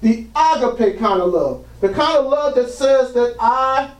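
A man's voice: very high-pitched, animated, unhurried. A preacher man delivering a sermon, heard from some distance off the mic in a roomy church. He keeps dropping "praise God" between thoughts and draws amens back from the room. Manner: punctuates lines with "praise God", drawing call-and-response. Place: church sanctuary. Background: congregation answering amen.

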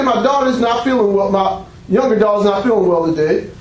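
High pitched guy preaching in a church hall, super echoey, gets loud and laughs while acting stuff out. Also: fairly quick, hardly any pauses. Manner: animated preaching, bursts of shouting and laughter, acts out dialogue. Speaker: pastor. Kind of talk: sermon. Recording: very echoey room, faint background noise.

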